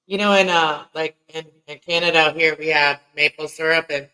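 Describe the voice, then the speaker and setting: Bright, clear-voiced chatty man. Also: on the high side, steady tone, normal speed, low-quality recording. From Mexico. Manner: chatty, laughs easily, drifts between topics. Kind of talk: casual late-night stream chat.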